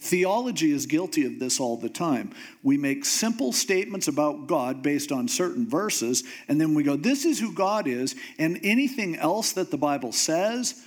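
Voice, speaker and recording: A man's voice: a little high, moderate pace. A man preaching a sermon in a casual, conversational way, acting out the voices of the people in the story he retells. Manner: animated storytelling, acting out voices of God and Moses; conversational, informal phrasing. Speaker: pastor.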